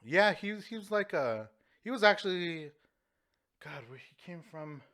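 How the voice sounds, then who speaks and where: A man's voice: sits high, animated, moderate pace, sharp tone. A man co-hosting a casual podcast chat, rambling and laughing often. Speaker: podcast co-host.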